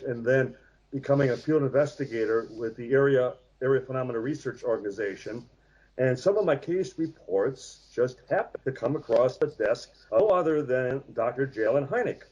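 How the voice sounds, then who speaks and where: American man, sixties, guest author, reflective and halting, middling pitch, dull lo-fi sound. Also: darkish tone. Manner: measured, reflective storytelling with frequent hesitations. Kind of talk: interview conversation.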